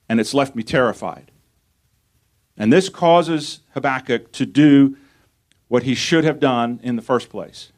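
A man's voice: medium pitch, measured pace. Male pastor, mid-range voice, earnest sermon delivery with rhetorical questions. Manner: earnest preaching, reads scripture aloud and asks rhetorical questions.

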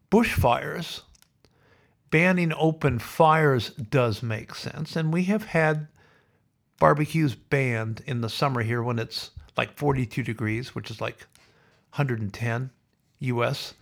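A man's voice: mid-range voice, unhurried, gravelly. A man hosting a podcast, delivering a sardonic, opinionated rant. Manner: sardonic, ranting. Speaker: podcast host. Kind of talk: opinionated monologue.

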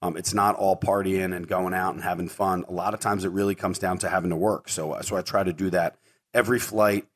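A man's voice: low voice, fairly even intonation, a little fast. A middle-aged man hosting his own podcast, telling stories casually and rambling, with lots of fillers and repeated words. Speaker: podcast host. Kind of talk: casual storytelling monologue.

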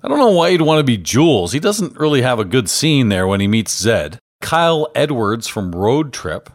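A man's voice: medium pitch, very animated, a little fast. A man in his fifties hosting a podcast interview, bantering like a stand-up comedian and laughing easily. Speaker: podcast host.

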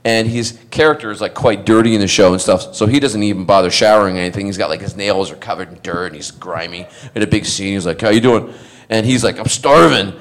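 A man's voice: fairly low pitch, quick pace. Middle-aged male actor, chatty fan Q&A storyteller, laughs a lot, rambles and restarts lines. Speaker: actor answering fan questions. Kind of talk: anecdotal convention Q&A.

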